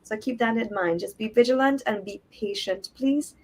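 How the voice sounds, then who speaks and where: A woman guest in a casual chat, giving calm, earnest words of caution. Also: fairly high pitch, normal speed, slight background noise, rough recording.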